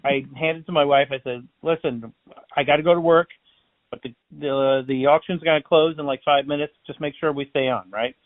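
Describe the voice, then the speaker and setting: He talks fairly quickly at a medium pitch with hardly any pauses, a Florida balloon artist and magician telling stories in a relaxed interview. Chatty and animated, he performs the dialogue himself. There's no room sound, though the phone line is tinny.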